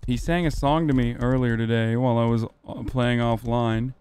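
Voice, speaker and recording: A man's voice: medium pitch, steady tone, moderate pace, a little mellow, smooth. A young man streaming a game, talking casually, getting frustrated, swearing and repeating himself. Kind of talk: casual gaming stream commentary.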